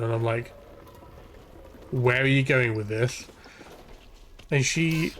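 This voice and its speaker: A man's voice: mid-range voice, moderate pace, long pauses, a bit bright, soft background music. A young man ranting and swearing freely while streaming a game, rambling from point to point. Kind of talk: ranting live gameplay commentary.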